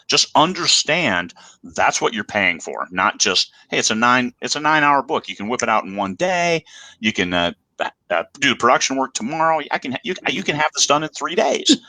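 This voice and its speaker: A man's voice: sits low, pushed and bright, no room sound. A middle-aged man hosting a casual talk show, speaking candidly with many restarts. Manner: candid, rambling, self-deprecating. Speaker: podcast host. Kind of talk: casual chat.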